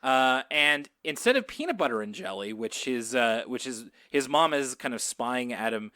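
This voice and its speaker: A man's voice: medium pitch, lively intonation, moderate pace, sharp tone, dry recording, studio quality. A man co-hosting a podcast, recapping a cartoon in rambling, chatty talk and laughing easily. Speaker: podcast co-host. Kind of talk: casual chat recapping a cartoon.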